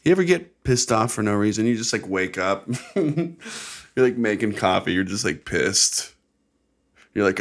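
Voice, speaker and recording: Young American male podcast host, low-pitched, loose and sarcastic, cursing freely. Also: expressive, normal speed. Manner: profane, rambling, sarcastic. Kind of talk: casual solo podcast monologue.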